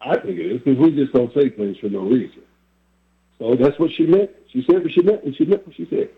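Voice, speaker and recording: A man's voice: mid-range voice, lively intonation, brisk. A man hosting a casual chat, reflecting on family sayings and chuckling between thoughts. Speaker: host. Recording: phone-like line.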